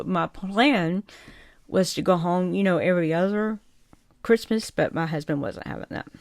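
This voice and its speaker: A woman's voice: lowish voice, no room sound. An older woman from South Georgia with a Southern drawl, chatting to camera in a rambling, heartfelt way and chuckling often. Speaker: vlogger. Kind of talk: casual chat to camera.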